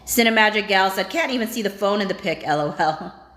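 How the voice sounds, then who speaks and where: A livestream host reads out viewer comments and reacts with chatty asides. She speaks briskly at medium pitch, with lively intonation and a somewhat bright tone, and the echoey recording carries a little hiss or hum.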